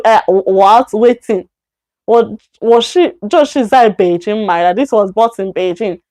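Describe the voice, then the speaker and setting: A woman with a Nigerian accent teaching a live-streamed Chinese grammar lesson, patiently explaining and repeating example sentences slowly, sometimes acting out short dialogues. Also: on the high side, a little mellow.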